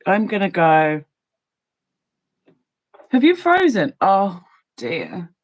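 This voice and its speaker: A woman's voice: mid-range voice, wildly swooping pitch, very slow, rough recording. A woman in casual chat, teasing and playful, laughing often.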